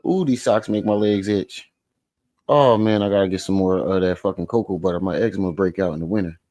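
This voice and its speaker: A man hosting a casual livestream, loud, profane and teasing as he jokes with the chat. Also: low voice, normal speed. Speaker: livestream host.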